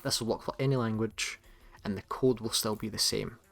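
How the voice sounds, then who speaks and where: A man's voice: on the low side, brisk, vocal fry. Chatty Scottish man. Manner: relaxed, chatty, with fillers and self-corrections. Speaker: tutorial host. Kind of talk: casual screen-recorded tutorial.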